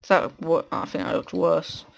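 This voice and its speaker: A man hosting a gaming video on a headset, chatting casually to himself while he builds, swearing often and breaking into excited bursts. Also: on the high side, measured pace, gravelly. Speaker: gaming channel host. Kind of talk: casual gameplay commentary.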